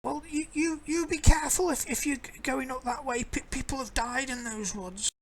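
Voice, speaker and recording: A woman's voice: high-pitched, fairly even intonation, moderate pace, slight background noise, voice pushed up, natural voice, rough recording. A woman voicing a bent, fearful old village woman who stammers and repeats her words. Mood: warning.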